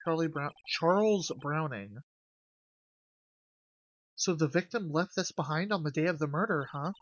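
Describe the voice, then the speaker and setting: A young adult streamer in casual let's-play commentary, reading game lines aloud and chatting to viewers with animated, swearing asides. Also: mid-range voice, unhurried, muffled recording. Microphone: desk mic with gain adjusted.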